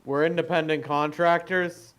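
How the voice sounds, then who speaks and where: A man's voice: on the high side, fairly even intonation, moderate pace, a bit bright, clear, resonant tone. A man playing a tabletop game, speaking in character in an eager, joking way. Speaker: player.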